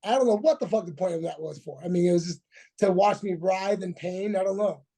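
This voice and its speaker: High-voiced and warm in tone, this man in his forties speaks briskly as a podcast guest. An ex-fighter, he wanders through a foul-mouthed story in a relaxed interview, restarting often and performing quotes.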